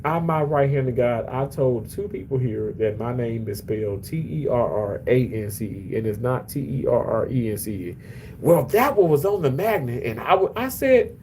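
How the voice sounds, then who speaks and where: Male streamer on break at work, mid-pitched voice that keeps jumping up when excited, rambling and warm with viewers, faint room hum behind. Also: poor audio. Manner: animated, often jumps high in pitch, restarts a lot. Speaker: livestreamer reading chat. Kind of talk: casual livestream chat. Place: at work during a shift.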